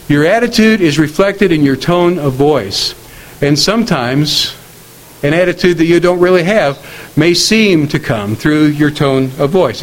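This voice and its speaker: A middle-aged man preaching a sermon on marriage in a measured, earnest way, slowing down to quote scripture. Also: on the high side, a little hiss or hum, low-quality recording.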